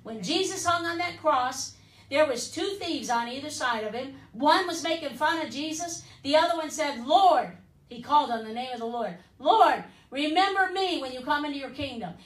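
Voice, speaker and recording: A woman's voice: sits high, animated, moderate pace, reverberant, distant mic, low-quality recording. A woman preacher delivering a fervent broadcast sermon and altar call, pleading with listeners and dropping in "listen" and "amen?" as she goes.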